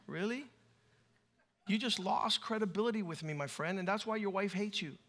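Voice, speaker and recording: A man's voice: sits high, fairly quick, fairly bright tone. A man pastor preaching a sermon in an emphatic, humorous way.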